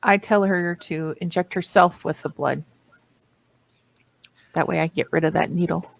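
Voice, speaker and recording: A woman playing a tabletop role-playing game, chatting in a blunt, joking way and quick to swear. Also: fairly low pitch, fairly even intonation, vocal fry. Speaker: player. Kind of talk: casual chat while playing a tabletop game.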